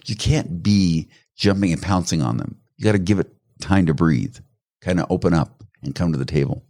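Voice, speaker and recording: A man's voice: low voice, moderate pace. A middle-aged man explaining personality types in casual conversation, telling stories and acting out the voices of the people he quotes. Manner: animated storyteller, acts out quoted voices; laughs while telling stories. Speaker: guest expert on personality colors.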